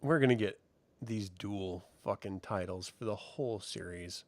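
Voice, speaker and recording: A man's voice: fairly low pitch, measured pace, darkish tone, dry recording. A man co-hosting a casual podcast, sarcastic and profane, often slipping into mocking voices. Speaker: podcast co-host. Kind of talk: casual chat.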